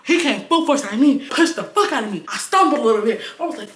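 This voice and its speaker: A young woman vlogger telling a storytime tale in a slangy, animated way, acting out what people said. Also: sits high, fast, echoey room, heavy background noise. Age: young adult. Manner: animated, slangy, acts out quotes loudly. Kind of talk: storytime vlog.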